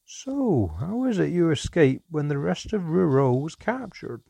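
Old dwarf innkeeper, jovial yet probing, voiced by a male reader, husky and dry. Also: fairly high pitch, sing-song, measured pace, dark tone, no room sound, voice pushed up, heavily acted.

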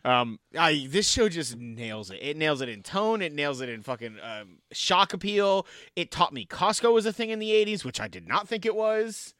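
A man co-hosting a casual podcast, excitable and laughing as he talks through a TV show, swearing freely. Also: fairly high pitch, normal speed, dry recording, clean studio sound. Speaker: podcast co-host. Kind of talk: casual chat reviewing a TV show.

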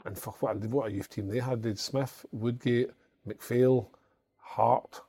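A man's voice: mid-range voice, fairly even intonation, a little slow, warm tone, husky. A Scottish man in his forties, a former footballer, telling earnest anecdotes in casual chat and swearing freely. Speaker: former footballer, podcast guest.

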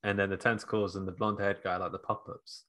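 A man co-hosting a podcast, talking in a laid-back, halting way. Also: on the low side, level tone, pushed and bright. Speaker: podcast co-host. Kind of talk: casual comedic chat.

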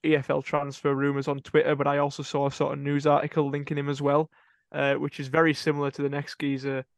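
A man's voice: fairly high pitch, completely flat delivery, fast talker, creaky, no echo. A man co-hosting a casual football podcast, reading out transfer rumours and correcting his own slips. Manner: rambling, self-correcting, laughing at own slips.

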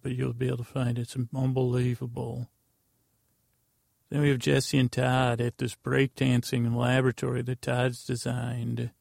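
Gravelly, flat-voiced man rambling through a recap. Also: medium pitch, dry recording, clean studio sound. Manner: rambling, self-correcting, offhand. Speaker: podcast host. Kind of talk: meandering recap of a TV episode.

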